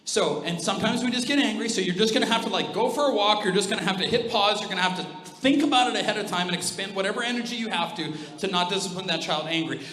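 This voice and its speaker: A man's voice: sits high, fast, few pauses, sharp tone. A man pastor preaching a sermon in a church, direct and emphatic with a joking streak. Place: church auditorium. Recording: echoey hall reverb.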